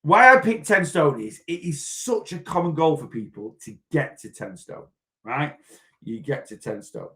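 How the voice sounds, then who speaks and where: A man's voice: a little high, moderate pace. A man who coaches weight loss, chatting casually on a live Q&A and talking straight to the viewer, often checking in with "right?". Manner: animated, talks straight to the viewer, repeats himself, asks "right?". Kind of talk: casual live-stream advice chat.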